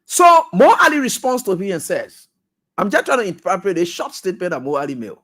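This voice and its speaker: A man hosting a radio talk show, giving animated, scolding political commentary. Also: sits high, fairly quick.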